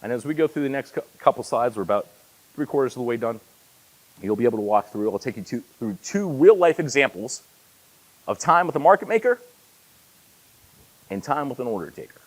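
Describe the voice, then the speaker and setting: Man in his forties, keynote speaker, lively storytelling delivery, pitch swinging widely, self-deprecating humor. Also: low-quality recording. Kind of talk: conference keynote speech. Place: conference hall.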